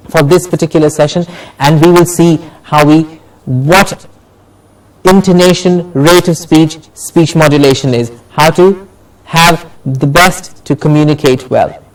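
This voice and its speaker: Deliberate teacher, man, slightly distant voice. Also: a little high, fairly even intonation. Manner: repeats example words slowly and deliberately. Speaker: English pronunciation teacher. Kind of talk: classroom lesson on word stress.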